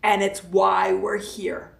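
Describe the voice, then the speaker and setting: A woman's voice: medium pitch, level tone, takes it slowly, creaky. A woman hosting a live talk as a self-help coach, speaking playfully and emphatically, repeating herself for effect. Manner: playful and emphatic, with lots of repetition. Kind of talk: casual motivational talk to a live audience. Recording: roomy echo, voice from a distance from the mic.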